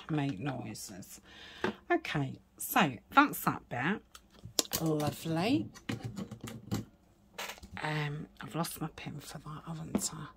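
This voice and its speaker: A woman chatting casually while crafting, rambling with many fillers and dropping into soft whispered asides. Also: deep voice, background noise. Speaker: crafting vlogger.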